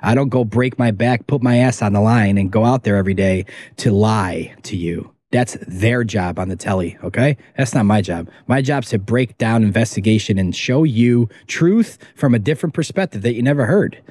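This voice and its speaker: A man's voice: lowish voice, normal speed, darkish tone, no echo, studio quality. A man who makes documentaries, a guest on a casual podcast interview, talking in an emphatic, rambling way and swearing freely.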